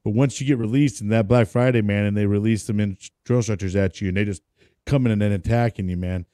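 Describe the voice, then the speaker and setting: A laid-back American man hosts the podcast with a warm, dark and smooth low voice. The sound is dry and close, and he swears casually and laughs as he talks. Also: steady tone, fast, no room sound. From United States. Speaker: podcast host, veteran. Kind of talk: casual interview chat.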